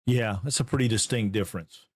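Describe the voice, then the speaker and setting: A man from Georgia with a Southern American accent, hosting a live game stream in casual, upbeat chat and greeting viewers excitedly. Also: fairly low pitch, a little fast, no room sound, clean studio sound. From Georgia, USA.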